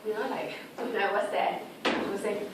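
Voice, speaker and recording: A woman's voice: medium pitch, steady tone. A woman tutor giving an informal exam revision lecture, often checking in with her students through tag questions. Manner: chatty, lists examples briskly. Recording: echoey room recorded from far off with background noise.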